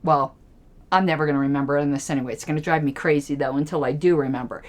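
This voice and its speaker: Her voice sits low and moves fast with fairly even intonation as this political commentary host rambles through a casual chat about a TV episode on her own channel. She laughs a lot and thinks aloud while searching for names.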